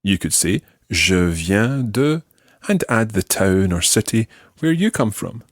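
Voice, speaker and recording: A Scottish man teaching a language lesson, patiently modelling phrases slowly for the learner to repeat. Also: lowish voice, animated, no echo, studio quality. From Scotland. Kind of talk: slow, clear language lesson.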